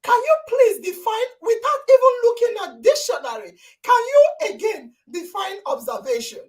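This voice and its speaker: High, lively woman hosting. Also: moderate pace. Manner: exuberant, exclaiming and praising loudly. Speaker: podcast host. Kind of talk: live online talk show with quiz questions.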